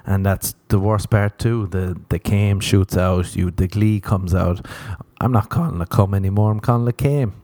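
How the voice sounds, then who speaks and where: Podcast host, young adult male, lowish voice, loose profane storytelling with put-on voices. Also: moderate pace, warm tone, no echo. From Ireland. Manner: profane, self-mocking, acts out voices. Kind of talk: rambling comedic monologue.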